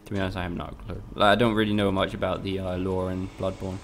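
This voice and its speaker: Streaming a game live, a young Spanish man chats casually with his audience and swears freely. He speaks quickly in a deep, creaky voice with little pitch movement, over a slight hiss or hum.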